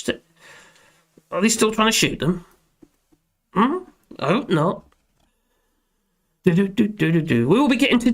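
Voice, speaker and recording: Middle-aged male streamer, high voice with a bouncy, lively delivery, jokey and self-deprecating. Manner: rambling, jokey, self-deprecating, chuckles often. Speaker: live stream host reading chat. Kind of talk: casual live stream chat.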